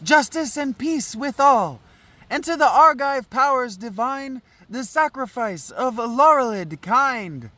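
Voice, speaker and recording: A man's voice: very high-pitched, fairly bright tone, no room sound, voice pushed up, exaggerated voice. A man reading aloud the lines of a chorus of young women praying for a city, declaiming with sing-song lifts. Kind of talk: dramatic reading of an old play.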